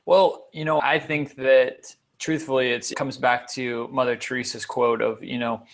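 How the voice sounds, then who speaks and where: A man's voice: medium pitch, level tone, moderate pace. A man being interviewed as a guest on a podcast, a motivational speaker who talks earnestly and repeats words for emphasis.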